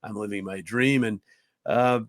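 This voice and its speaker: A hockey play-by-play broadcaster in his fifties from upstate New York tells career stories as a podcast guest. He's a lively, earnest, chatty storyteller who restarts often, says "uh" a lot, and jumps his voice up to act out other people's lines. His voice is fairly low and unhurried, recorded at studio quality with no echo.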